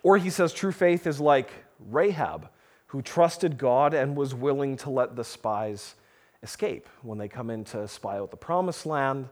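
A man preaching a sermon, reading scripture and explaining it earnestly, with slow emphatic pauses. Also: medium pitch, lively intonation. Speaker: pastor.

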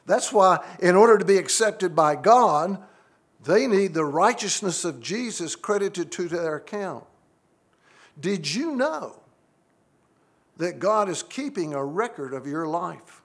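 A man's voice: high-pitched, animated, slow pace. A middle-aged man, preaching a sermon to his congregation in an earnest way, often asking the listeners questions. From United States. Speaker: pastor.

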